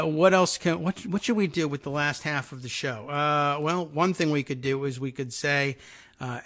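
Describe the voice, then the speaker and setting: A man's voice: a little high, fairly bright tone. Wry, meandering male radio talk host. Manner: meandering, wry, with frequent fillers and asides. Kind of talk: casual political talk radio monologue.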